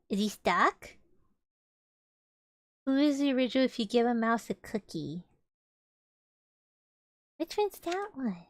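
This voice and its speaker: A young woman reads a children's storybook aloud to her stream, slipping into playful, musing side comments. Her voice sits a little high, and the dry, close recording gives it an intimate feel. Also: very animated, slow, pauses often, dry recording. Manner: playful, musing asides between passages. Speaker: streamer reading a children's book. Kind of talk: casual storybook reading with chatty asides. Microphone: streaming microphone.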